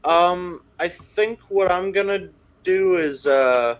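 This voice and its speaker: A man's voice: sits high, slow, rough recording. A man playing in a tabletop game, talking casually and hesitantly. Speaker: player.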